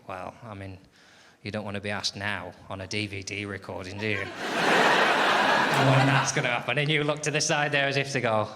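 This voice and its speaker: An English man performing a stand-up comedy set on stage, ranting in an exasperated, sardonic way and bantering with the crowd. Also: medium pitch. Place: live comedy venue, audience laughing. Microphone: stage microphone. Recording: live show with loud crowd noise.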